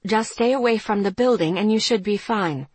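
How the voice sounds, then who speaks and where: A woman's voice: medium pitch, lively intonation, measured pace, slightly rough, no room sound. A woman voicing a curt, cold female mentor on the phone, lecturing and irritated, read as an audiobook character.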